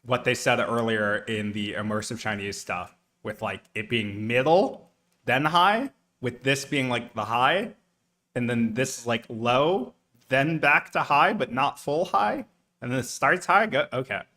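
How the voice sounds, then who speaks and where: A man's voice: medium pitch, a little slow, pushed and bright. A man casually thinking aloud while studying, rambling with lots of fillers. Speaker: streamer studying a language.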